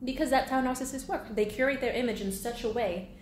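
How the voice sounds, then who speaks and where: A woman's voice: fairly high pitch, fast talker. A 22-year-old woman venting bluntly and profanely in a candid monologue. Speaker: vlogger. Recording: echoey room with faint background hum.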